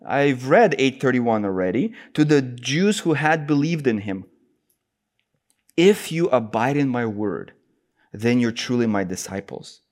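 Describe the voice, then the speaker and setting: A man's voice: medium pitch, lively intonation, unhurried, a little mellow. A man preaching an expository sermon, citing scripture references in an earnest, emphatic cadence.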